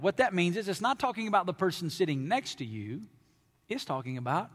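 A man from Alabama with a Southern accent, preaching a sermon as pastor, emphatic and animated with playful asides to the congregation. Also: sits high, a little fast. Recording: long hall reverb.

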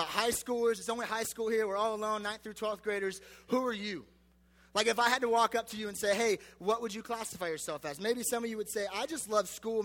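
Young male youth pastor, high bright voice, joking and casual, in a reverberant hall. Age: 20s. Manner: chatty, joking, self-deprecating, many fillers.

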